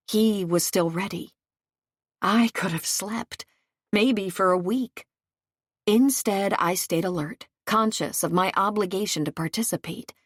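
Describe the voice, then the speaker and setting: A woman narrating a first-person audiobook in a frank, measured, reflective way. Her voice sits at a middle pitch. The recording is close and dry, with no room around it. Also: no room sound.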